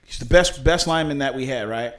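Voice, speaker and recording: A man, a youth football coach, telling profane, animated stories in casual podcast chat. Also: medium pitch, fast talker.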